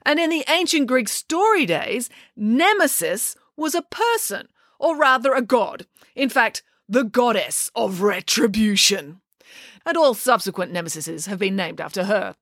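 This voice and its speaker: A woman's voice: on the high side, fairly bright tone, dry recording, studio quality. Playful woman reading a storybook. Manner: playful and wry. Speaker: audiobook narrator. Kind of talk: scripted storybook narration.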